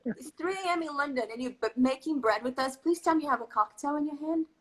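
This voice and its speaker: A high-pitched woman hosts a live baking stream over a video call. Her voice is bright and forceful, and she gushes as she reads out viewers' comments. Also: quick pace, low-quality recording. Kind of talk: casual live-stream chat.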